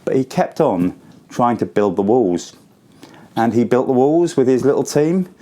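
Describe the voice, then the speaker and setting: A man in his forties giving a school assembly talk, telling a story to children in simple, lively words. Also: mid-range voice, unhurried. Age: 40s.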